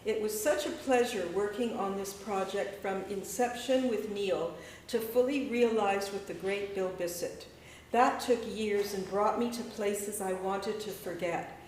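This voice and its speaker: Slow, rhythmic woman poet in echoey hall. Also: mid-range voice, darkish tone, slight background noise. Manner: measured, deliberate, rhythmic delivery. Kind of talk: poetry reading and spoken-word performance. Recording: echoey room, mic far away.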